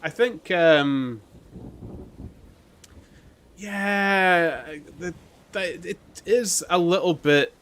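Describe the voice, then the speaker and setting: A man's voice: sits high, extremely slow, long pauses, a bit bright. A man chatting casually while streaming a game, rambling through laid-back stories with plenty of filler. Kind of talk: casual chat while gaming.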